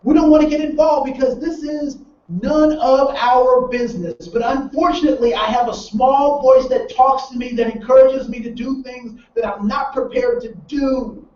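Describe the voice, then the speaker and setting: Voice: sits high, normal speed, a little hiss or hum. Workshop trainer telling a story in an echoey room. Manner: animated storyteller who acts out the people in the story; many restarts and repeated words. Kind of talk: storytelling lecture to a live group. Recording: roomy echo from far off, dull and lo-fi.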